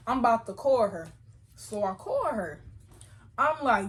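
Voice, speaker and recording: A young woman vlogger telling a storytime with lively, slangy chatter and quick self-corrections. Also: a little high. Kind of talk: casual storytime chat.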